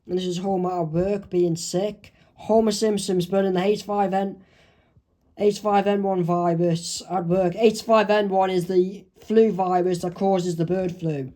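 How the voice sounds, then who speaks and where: Halting man narrating his own comic. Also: sits high, level tone, darkish tone. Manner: halting, with restarts. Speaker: comic artist.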